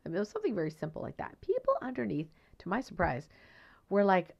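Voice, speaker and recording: A woman's voice: mid-range voice, racing, creaky, highs cut off. A woman hosting a solo podcast about energy healing, talking conversationally with tag questions and acting out the people in her stories. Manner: animated storytelling, acts out quoted voices. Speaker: podcast host and energy healer.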